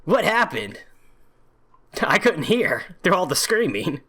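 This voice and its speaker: A man's voice: sits high, sing-song, slow, pushed and bright, breathy edge. A man hosting a let's play, reading the game text aloud and adding joking, sarcastic asides, often flustered by the menus.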